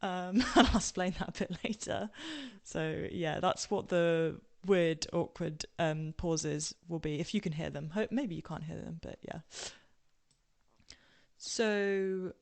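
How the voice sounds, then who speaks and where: A woman's voice: on the low side, takes it slowly, vocal fry. A young English woman with a posh southern English accent, telling her story casually with many ums, tangents and laughs. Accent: southern English, now posh-sounding. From England. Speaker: podcast guest.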